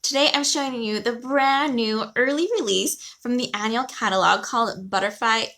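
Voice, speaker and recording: A woman's voice: on the high side, normal speed, bright, forceful tone. A woman hosting a casual card-stamping tutorial, chatty and upbeat, often apologizing and laughing as she sets things up. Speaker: host of a stamping craft class. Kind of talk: casual live craft tutorial.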